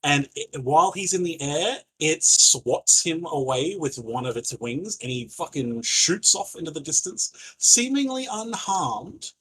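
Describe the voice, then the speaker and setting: A man's voice: a little high, big pitch swings, measured pace, hardly any pauses, fairly bright tone, husky, low-quality recording. A man running a tabletop game as game master, narrating loosely with many fillers and casual swearing.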